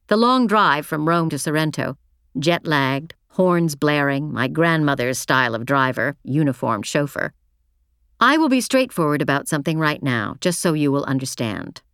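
Female audiobook narrator, low voice, measured reflective first-person read, dry booth sound. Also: expressive, fairly bright tone, clean tone, no echo.

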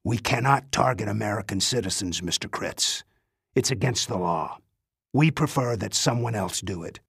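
A man doing a cold old spymaster, slow and low. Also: expressive, gravelly, a bit bright, husky, no echo, clean studio sound, exaggerated voice. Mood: coldly calculating. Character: old, frail, scheming male spy chief.

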